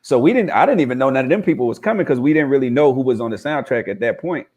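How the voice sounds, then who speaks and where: Male guest, mid pitch, relaxed reminiscing on a video call. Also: very fast, slightly rough. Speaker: guest actor. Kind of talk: casual storytelling on a video call.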